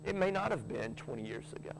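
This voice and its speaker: Guy preaching, kinda high voice, jokey asides, lots of restarts, faint hum in the back. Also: animated, fast, vocal fry. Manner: folksy, joking asides, frequent restarts. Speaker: pastor. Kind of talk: sermon.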